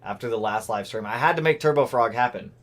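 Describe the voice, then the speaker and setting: Man, livestream host, casual chat, excitable, shouts out names. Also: medium pitch, quick pace. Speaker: car channel host.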